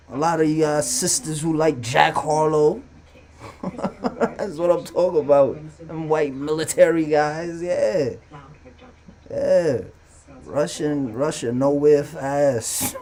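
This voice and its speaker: Man, live stream host, casual profane rant, fairly high voice. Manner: loose, profane, animated rants. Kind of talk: casual commentary monologue.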